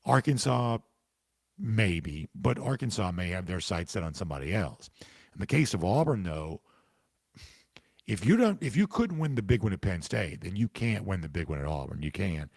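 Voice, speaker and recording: Male sports podcast host with the hiccups, emphatic and conversational, husky voice, dry close mic. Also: deep voice, very animated, normal speed, no room sound. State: has the hiccups. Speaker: podcast host answering listener comments. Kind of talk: casual opinion commentary.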